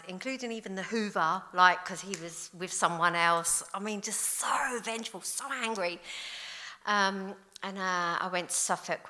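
A woman, giving a candid, blunt recovery testimony in an animated storytelling way. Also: lowish voice. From London. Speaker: recovery speaker. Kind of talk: personal testimony talk.

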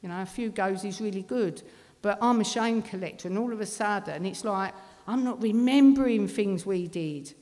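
A woman's voice: medium pitch, normal speed, few pauses, warm tone. A middle-aged woman telling a blunt, swearing personal recovery testimony. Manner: blunt, swearing, working-class London speech. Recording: long reverb of a hall.

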